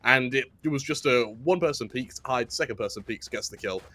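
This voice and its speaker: Relaxed analytical esports color commentator man. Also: medium pitch, brisk. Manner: relaxed analytical talk with long explanations. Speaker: esports caster.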